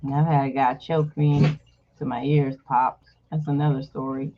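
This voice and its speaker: A woman's voice: extremely low pitch, level tone, normal speed, a little hiss or hum. A woman host casually telling a personal story to her viewers, candid and blunt, swearing freely. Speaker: channel host. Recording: dull lo-fi recording.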